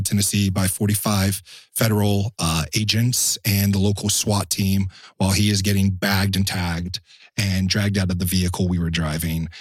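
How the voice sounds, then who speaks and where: A man's voice: sits low, breathy edge, no room sound, studio quality. A man, a former bodyguard, telling a story as a guest in a podcast interview, blunt and profane, acting out what other people said.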